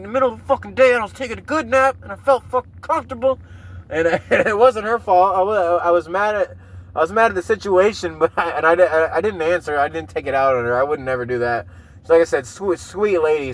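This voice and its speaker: High-voiced man rambling profanely. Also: fairly bright tone. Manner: profane, rambling storytelling with frequent laughs. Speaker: podcast host. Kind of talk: casual solo podcast monologue.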